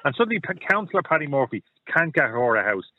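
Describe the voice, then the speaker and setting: A man's voice: a little high, sing-song, fast, no echo. Guy calling in, blunt and repetitive, tinny phone sound, dry. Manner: blunt, storytelling, repeats himself. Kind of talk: opinionated radio chat.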